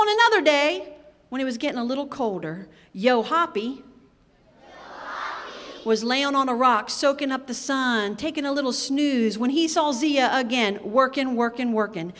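A woman telling a fable to a live audience of children in an animated, rhythmic way. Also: sits high. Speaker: storyteller. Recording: live hall with long reverb.

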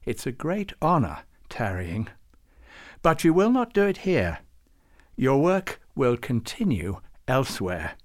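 A man's voice: medium pitch, wildly swooping pitch, slow, dry recording, studio quality, voice pushed up. A man voicing a solemn old male saint who leads a council, speaking in a stately, intoning way in a storybook reading. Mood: kindly. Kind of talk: storybook character voice.

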